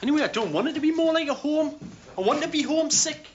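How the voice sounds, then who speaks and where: A man playing a gentle, homesick married builder in an earnest tone. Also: on the high side, big pitch swings, brisk. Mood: plaintive. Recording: dull lo-fi TV sound with faint hiss.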